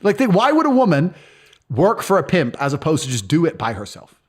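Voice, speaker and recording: A man speaking in an interview at a quick clip, his voice rising and falling with lively energy. He is blunt and boastful and swears freely. He acts out other people's lines as he goes. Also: fairly high pitch, husky. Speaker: interview guest. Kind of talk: casual interview talk.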